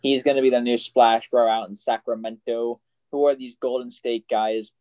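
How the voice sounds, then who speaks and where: Man, mid-pitched, loose joking sports banter. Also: steady tone, normal speed, mellow. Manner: joking, rambling, laughs often. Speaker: sports podcast co-host.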